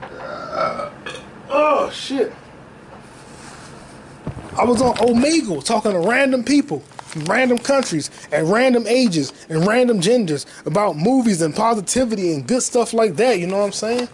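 A young man with a high, light voice rants alone into a podcast mic. He is amped and profane and repeats himself, packing his talk with slang. A faint hiss sits under the voice. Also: lively intonation, moderate pace, rough recording. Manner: hyped, profane, repetitive street slang. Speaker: podcast host. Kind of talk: casual solo podcast rant.

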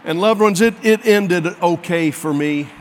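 A man's voice: sits high, measured pace. A man preaching a sermon, telling a folksy, self-mocking story to his congregation. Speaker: pastor. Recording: long hall reverb.

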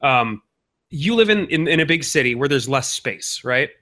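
A man's voice: medium pitch, expressive, moderate pace, sharp tone. A man from Minnesota co-hosting a podcast, chatting casually and teasing his co-host. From Minnesota, USA. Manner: teasing, joking banter. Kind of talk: casual chat. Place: suburbs of Minnesota.

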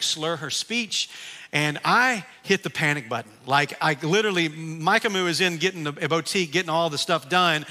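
Bright-voiced pastor preaching in a hall. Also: male voice, sits high. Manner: storytelling with animated asides and repeated restarts. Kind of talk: sermon. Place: church sanctuary.

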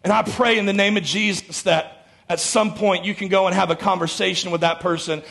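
A man's voice: sits high, fairly even intonation, fairly quick, gravelly, a bit bright. A man preaching a sermon as pastor, emphatic and calling out to his congregation for responses in a church. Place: church sanctuary before a congregation.

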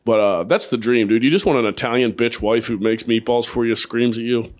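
A man with a middle-pitched voice hosts a podcast in loose, crude chat. He swears constantly, jokes crudely and tells rambling stories. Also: fairly quick. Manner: profane, joking, storytelling. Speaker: podcast host; comedian.

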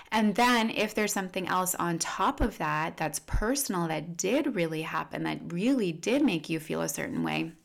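A woman's voice: on the low side, gravelly. A woman coach talking casually to her followers, full of "like" and "you know" fillers. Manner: upbeat sign-off to followers. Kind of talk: casual teaching monologue.

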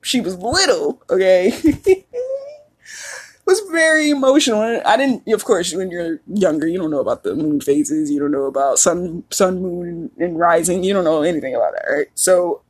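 A woman's voice: on the low side, normal speed, few pauses, slightly rough. A woman in her thirties hosting a podcast, talking in a candid, profane, casual monologue and laughing often. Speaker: podcast host.

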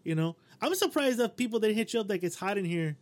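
A man with a high voice co-hosts a casual podcast and fires off quick teasing questions. He talks fast and jokes around, egging on the stories. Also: expressive. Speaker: podcast co-host.

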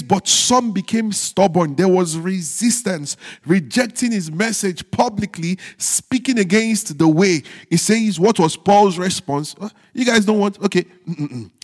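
A male pastor preaching a sermon, stressing phrases slowly and dropping into low, quiet teasing asides to the congregation. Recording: long hall reverb.

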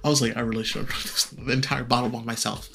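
A young man co-hosting a podcast, chatting casually and telling stories quickly, acting out what others said. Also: medium pitch, flat delivery, gravelly, bright, forceful tone, a little hiss or hum. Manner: fast storytelling, acts out quoted voices. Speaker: podcast co-host. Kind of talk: casual chat.

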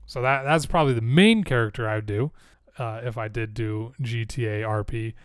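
A man's voice: mid-range voice, moderate pace, clear, resonant tone, dry recording. A man in casual chat, musing aloud in a rambling way that often breaks off mid-thought, with a dry mouth and a slightly congested nose. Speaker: streamer planning role-play characters.

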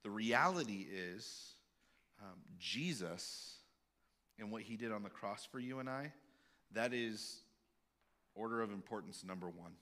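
A male pastor giving a sermon in a candid, halting way, with many fillers and restarts. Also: fairly low pitch, expressive, bright, forceful tone.

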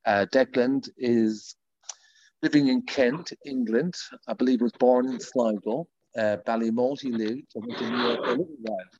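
A man hosts a podcast and talks in a rambling, loose way. His voice sits at a middle pitch. The recording is dull and dry, with no room sound. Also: moderate pace, a little mellow, dry recording. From Ireland. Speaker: podcast host. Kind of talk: casual podcast interview.

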